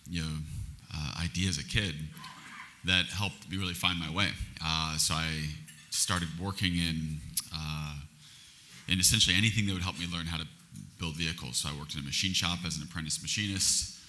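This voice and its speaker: A man's voice: sits low, steady tone, moderate pace, sharp tone, a little hiss or hum. A man in his forties, a company chief speaking as a guest, answering interview questions in an earnest, reflective way with frequent restarts. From Florida, US.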